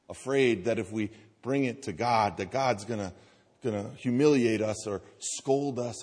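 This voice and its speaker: A pastor with a mid-range voice preaches a sermon, telling a story and acting out the characters' voices. He slows down and softens on key phrases, and the recording carries a long hall reverb.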